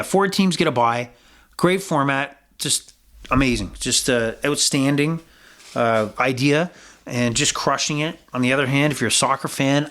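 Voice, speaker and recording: A man's voice: a little high, a bit bright. A man hosting a sports betting podcast, talking in a loose, rambling way with lots of fillers and casual swearing. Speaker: podcast host.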